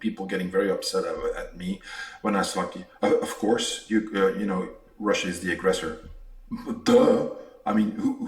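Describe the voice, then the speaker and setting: Podcast host, male, low voice, forceful and argumentative, roomy echo. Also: distant mic. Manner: emphatic, argumentative, uses analogies and profanity. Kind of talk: conversational interview.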